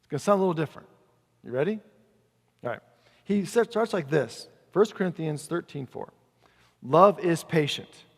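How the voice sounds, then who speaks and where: A man preaching a sermon in a casual, conversational way, slowing down to read scripture aloud. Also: a little high, lively intonation, gravelly, darkish tone. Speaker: pastor. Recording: long reverb of a large hall.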